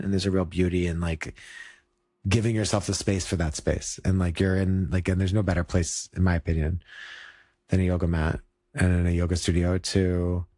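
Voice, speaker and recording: A man's voice: low voice, a little mellow, no echo, clean studio sound. A man who teaches yoga, chatting casually and reflectively, full of "like" fillers and restarts. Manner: rambling, many "like" fillers and restarts. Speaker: yoga teacher and podcast co-host.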